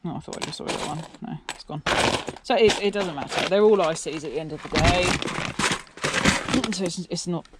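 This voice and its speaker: Taking apart electronics on camera, this English woman narrates casually and rambles, asking her audience questions as she goes. She speaks fairly quickly in a low pitch, with lots of noise in the background.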